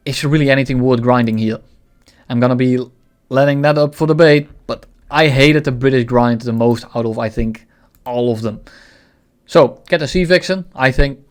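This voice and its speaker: A man giving casual, blunt game commentary, opinionated and ranting, with frequent swearing. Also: medium pitch. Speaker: gaming video creator.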